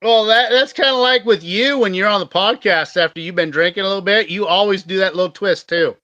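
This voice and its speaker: A man's voice: high-pitched, a little fast, pushed and bright, no echo, dull audio. A man co-hosting a casual podcast, swearing freely as he tells rowdy stories. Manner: profane, storytelling, swears a lot. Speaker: podcast co-host.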